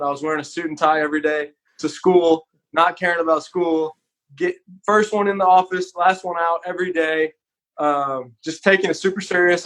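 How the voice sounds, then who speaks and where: Man, high pitch, Texan, podcast guest, earnest, candid, casual storytelling. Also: fairly bright tone.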